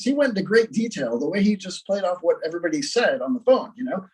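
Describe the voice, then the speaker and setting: A man's voice: high voice, sing-song, quick pace, a little mellow, distant mic, rough recording. A man co-hosting a casual talk show, telling prank-call stories and laughing as he acts them out. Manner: laughs through stories, acts out phone calls. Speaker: podcast co-host.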